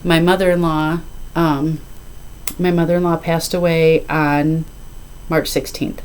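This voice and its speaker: Brief: fifties woman, slightly low voice, chatty hobby vlogger, loose and apologetic. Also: little pitch movement, measured pace, darkish tone, clear, resonant tone. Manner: rambling and apologetic, with filler. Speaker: cross-stitch vlogger. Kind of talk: casual chat to camera.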